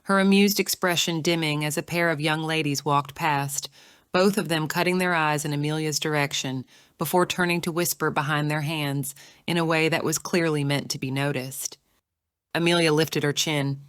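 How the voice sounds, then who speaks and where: A woman narrates a novel in a measured, even storytelling manner. Her voice is low and smooth. It is recorded close and dry in a studio. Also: no echo. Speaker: audiobook narrator. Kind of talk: scripted narration.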